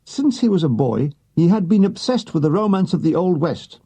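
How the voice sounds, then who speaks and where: A man's voice: high voice, very animated, moderate pace, warm tone, slightly rough. A man reading a wartime memoir aloud, with a dry comic delivery that gives the other characters their own voices. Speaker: audiobook reader.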